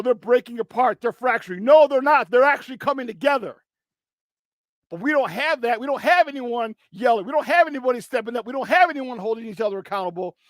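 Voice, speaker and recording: High-voiced heated sports talk host. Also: male voice, fairly bright tone, no room sound, clean studio sound. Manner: heated, blunt and profane. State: voice strained from yelling. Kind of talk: sports talk radio rant.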